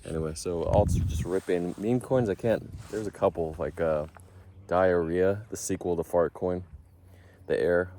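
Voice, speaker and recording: A man with a low, deep voice talks casually in a vlog. He rambles from thought to thought and often stops to correct himself. Faint background hiss sits under his voice. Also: moderate pace, dark tone. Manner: rambling, self-correcting, thinking aloud. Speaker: vlogger.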